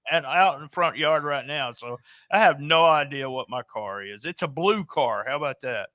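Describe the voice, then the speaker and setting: A man's voice: on the high side, expressive, normal speed, bright, forceful tone, no echo. A man chatting casually on a podcast, rambling and restarting his sentences.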